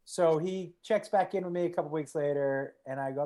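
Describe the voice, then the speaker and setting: A man casually telling a prank story with friends, animated and swearing, acting out what people said. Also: a little high, fairly quick. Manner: animated, swearing, acts out quotes.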